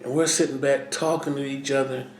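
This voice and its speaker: A middle-aged man talking earnestly in a personal vlog, halting and repeating himself as he speaks. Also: mid-range voice, level tone, echoey room, a little hiss or hum. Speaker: vlogger. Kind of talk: personal vlog talk to camera.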